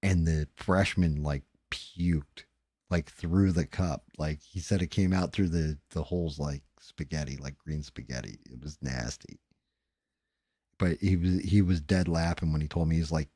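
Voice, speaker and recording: A man's voice: rumbling low, unhurried, warm tone, slightly rough, no echo. A tired man hosting a livestream, chatting casually and profanely in a rambling, mumbling way while he paints. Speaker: livestream host.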